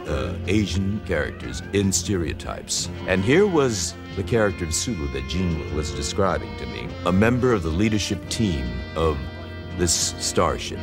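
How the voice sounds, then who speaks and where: An older man speaking in a reflective, earnest way in a documentary interview. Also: low voice.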